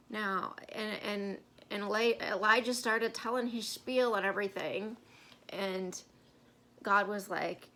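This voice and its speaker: A woman's voice: medium pitch, fairly even intonation, slow, pushed and bright. A woman co-hosting a casual Bible-study chat, telling stories in a rambling way with many fillers. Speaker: co-host.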